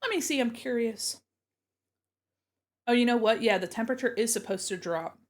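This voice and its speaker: Brief: chatty, giggly young woman streamer, slightly high voice, mic set away from her face. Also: normal speed. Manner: giggly, chatty, talking with her mouth full. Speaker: art streamer. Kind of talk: casual stream chat.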